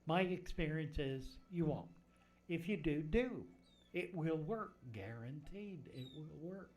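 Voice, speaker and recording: This man runs a relaxed fishkeeping stream from a home room lined with fish tanks, fielding viewers' questions and musing aloud as he fusses with his desk mic. He sounds expressive and a little mellow, on the high side, and speaks slowly.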